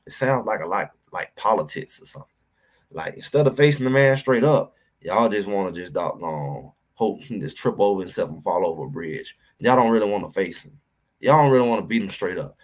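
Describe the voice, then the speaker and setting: A man hosting a livestream and ranting about college football, addressing his chat directly in an animated, preachy way. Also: lowish voice, a little fast. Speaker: sports talk host. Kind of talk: livestream sports commentary.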